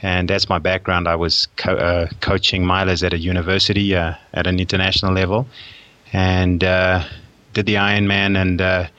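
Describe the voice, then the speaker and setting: A man from South Africa with a South African accent, a coach interviewed as a guest, relaxed and self-deprecating. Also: sits low, moderate pace, dry recording, muffled recording.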